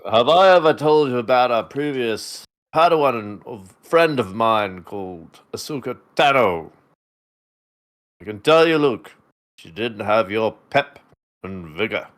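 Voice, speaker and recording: A man voicing a solemn, creepy old male Jedi mentor in an imitation refined British accent, intoning slowly. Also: medium pitch, expressive, fairly bright tone. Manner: slow, drawn-out intoning.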